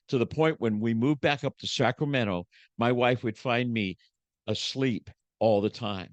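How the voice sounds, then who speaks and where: A man with a mid-range voice and measured pace, a motivational speaker guesting on a podcast, gives an emotional personal testimony. Like a preacher, he swings from hushed to emphatic, and the recording is echo-free with the highs cut off.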